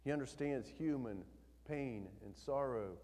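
A man preaching a sermon in a church, reading scripture aloud and swinging between soft, low passages and loud, emphatic ones. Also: measured pace. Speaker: pastor. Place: church sanctuary. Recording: long hall reverb.

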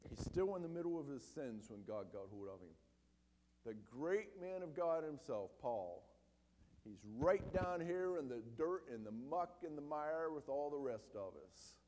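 Man, preacher, emphatic sermon delivery, animated pitch, long hall echo. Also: measured pace. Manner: emphatic, rises loud then drops very low and quiet.

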